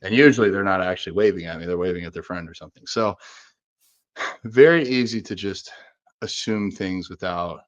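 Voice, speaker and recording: Low-ish guy podcast co-host, chatty, acts out little back-and-forths, dry close mic. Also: fairly quick, dry recording, muffled recording. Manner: acts out quoted exchanges with big pitch jumps; self-deprecating, says he is an introvert. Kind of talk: casual chat.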